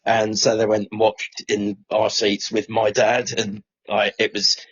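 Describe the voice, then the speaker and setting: A man from Norfolk, a podcast guest, telling an animated story in casual chat with lots of fillers. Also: lowish voice, unhurried, husky, no room sound, lo-fi sound. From England (Norfolk). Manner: animated, laughing, with many fillers.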